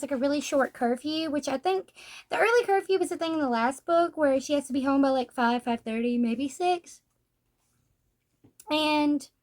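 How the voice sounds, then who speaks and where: High-voiced chatty woman reviewer. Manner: chatty, blunt and sarcastic, acts out quotes. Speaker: book reviewer. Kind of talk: casual manga review chat.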